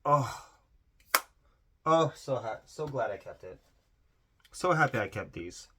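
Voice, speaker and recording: A man's voice: medium pitch, animated, slow pace, bright, forceful tone, husky. A man casually swatching eyeshadows in a vlog, gushing over the colors, exclaiming often and trailing off mid-sentence. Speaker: beauty vlogger.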